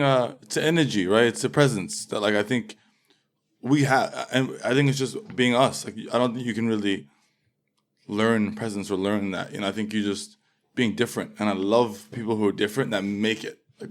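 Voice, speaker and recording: A man's voice: lowish voice, fairly even intonation, moderate pace. A man from England, the guest in a casual interview, talking in a laid-back, rambling way with lots of fillers.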